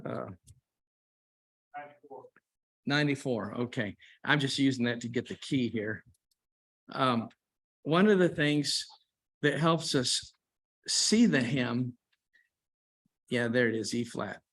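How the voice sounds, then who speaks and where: A man preaching to a church congregation in an unhurried, conversational way, with restarts and asides to the listeners. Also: mid-range voice, a bit bright. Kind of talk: church class talk on hymns. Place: church auditorium.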